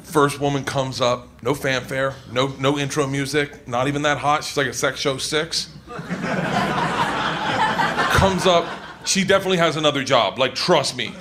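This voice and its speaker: A man's voice: medium pitch, moderate pace. Rowdy male stand-up comic, live club. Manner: loud, excitable storytelling with shouted bursts. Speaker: stand-up comedian. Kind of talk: stand-up comedy set. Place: comedy club stage with a live audience. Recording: live club recording with audience noise.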